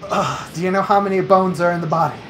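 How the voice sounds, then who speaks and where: A man's voice: high voice, quick pace, a bit bright. A man in casual chat, rambling and playfully quizzing the other person with trivia facts. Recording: noisy background hiss.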